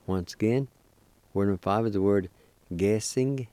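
With a lowish, creaky, mellow voice, a man hosts a weekly program and teaches a language lesson. He spells words syllable by syllable, repeats them at a slow pace and encourages beginners to practice.

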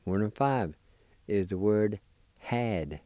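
A radio language lesson led by a man. He speaks in a low, warm, unhurried voice, spelling each word letter by letter. The sound is close and dry, and he cheers his listeners on. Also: animated, no room sound. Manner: slow, careful spelling and pronouncing of words; encouraging toward listeners. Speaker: language teacher and show host.

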